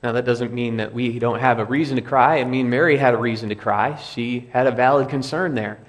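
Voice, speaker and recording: A man's voice: medium pitch, fairly even intonation, brisk. Man preaching a conversational sermon. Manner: conversational preaching with repeated phrases. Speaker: pastor. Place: church sanctuary.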